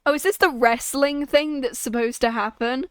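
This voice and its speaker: A woman's voice: high-pitched, steady tone, moderate pace, smooth, no room sound, clean studio sound. A woman streamer giving casual, joking commentary on a game and laughing at her own character voices. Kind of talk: casual let's-play commentary.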